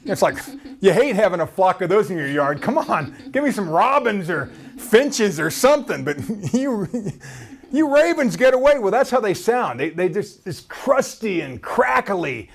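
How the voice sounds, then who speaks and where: A male preacher delivers a sermon in a high, lively voice that rises and falls a great deal. He keeps things animated and conversational, putting questions to his listeners. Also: moderate pace, vocal fry. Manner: laughs between points.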